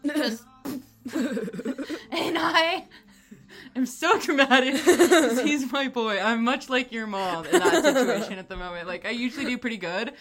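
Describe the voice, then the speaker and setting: A woman's voice: high-pitched, lively intonation, measured pace, fairly bright tone, soft background music. A young woman co-hosting a podcast, chatting casually with dry humor and frequent laughter. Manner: laid-back, dry humor, laughs often. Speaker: podcast co-host. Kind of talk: casual chat.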